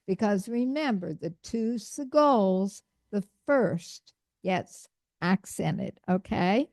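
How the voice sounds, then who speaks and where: A woman's voice: mid-range voice, animated, slow, a little mellow, no echo, clean studio sound. A woman teaching a Hebrew class, patiently guiding and correcting her students' pronunciation. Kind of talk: classroom lesson.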